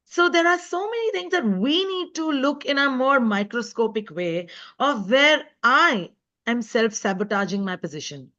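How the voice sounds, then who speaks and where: A woman's voice: on the high side, fairly bright tone. Earnest woman speaking over a lo-fi call. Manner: earnest, emphatic, heartfelt. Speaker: guest speaker and author. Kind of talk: live online talk. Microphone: video call. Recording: dull lo-fi web call audio.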